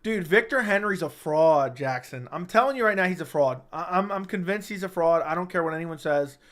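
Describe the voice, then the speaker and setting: Animated high-voiced man livestreaming. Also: brisk. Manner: animated, emphatic, repeats himself, swears freely. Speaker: livestream host. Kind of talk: casual livestream chat. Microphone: studio microphone.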